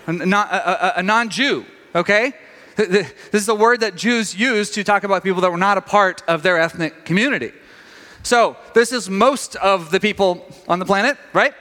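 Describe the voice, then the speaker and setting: A middle-aged man preaching a sermon, telling a story with animated quoted voices. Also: sits high, normal speed. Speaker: pastor. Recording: long reverb of a large hall.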